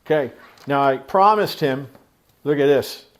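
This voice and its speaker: A man from Pennsylvania hosts a casual unboxing vlog in a mid-pitched voice, neither high nor low for a man. He talks loosely and swears freely. He drifts into rambling asides as he goes. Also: unhurried. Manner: scolds his pet mid-talk. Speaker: tattoo channel host.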